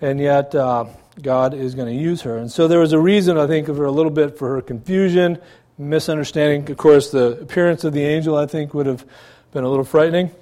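A man's voice: on the high side, steady tone, a little fast, mellow. A man, a pastor, preaching a sermon in a church, conversational, with rhetorical questions and asides to the congregation.

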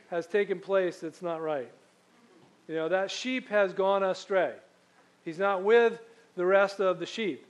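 A man's voice: sits high, rough recording. A man preaching a sermon as pastor, telling stories in a conversational way and reading scripture aloud.

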